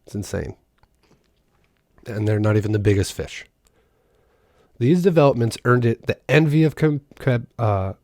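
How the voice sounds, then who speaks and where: Reading a news piece aloud, a male political commentator keeps interrupting himself with sarcastic jabs at the text. His voice is mid-range and somewhat dark, captured in clean studio sound without echo.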